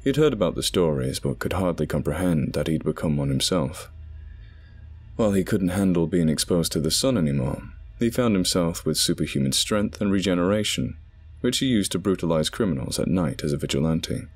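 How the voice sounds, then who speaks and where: A man narrating a scripted horror story in a measured, dramatic way. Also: low voice, expressive, darkish tone, slightly rough. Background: background music.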